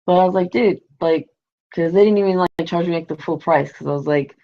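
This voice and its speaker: Gravelly-voiced woman rambling through a story. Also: on the low side, a little fast. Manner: rambling, heavy on "you know" and "like", swears casually. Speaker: livestream host. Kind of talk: casual storytelling on a livestream. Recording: lo-fi livestream audio.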